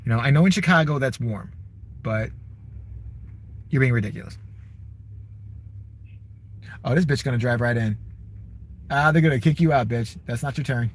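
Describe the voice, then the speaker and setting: A man's voice: on the high side, animated, brisk, long pauses, a bit bright. A man vlogging from his car, ranting in a sarcastic, profane, exasperated way. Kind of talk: casual profane rant to camera.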